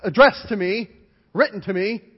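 A man preaching a sermon as pastor, animated and emphatic, driving points home with repeated lists. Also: high voice, normal speed, breathy edge. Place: church sanctuary. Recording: dull, hall-reverberant church recording.

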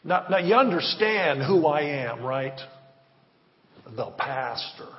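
A man's voice: a little high, animated, takes it slowly. A man preaching and praying as a pastor, fervent and rhythmic, with repeated appeals. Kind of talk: sermon with prayer. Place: church hall. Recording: reverberant, dull church recording.

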